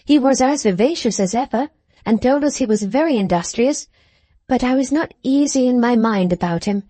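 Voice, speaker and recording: A woman narrating a classic novel as an audiobook, in a measured, composed storytelling manner. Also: fairly high pitch, dark tone, no echo.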